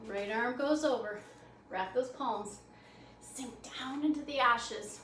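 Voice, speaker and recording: A high-pitched woman leads a yoga class with quick, upbeat, encouraging cues, a little breathless as she moves. She is recorded from some distance in an echoey room. A faint hum of noise sits under her voice. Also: a bit bright. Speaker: yoga instructor. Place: library program room.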